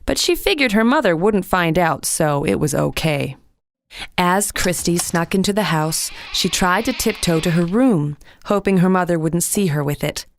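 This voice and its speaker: A woman narrating a children's audiobook in a clear, expressive storytelling voice. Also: on the low side.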